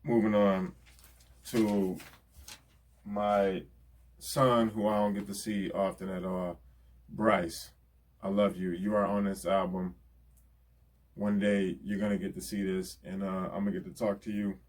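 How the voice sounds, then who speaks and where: A man's voice: sits low, level tone, unhurried, long pauses. A man, talking earnestly and casually as he thanks the people in his life. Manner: earnest, repeats "you know what I'm saying". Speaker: rapper giving album shout-outs. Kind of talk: casual heartfelt talk.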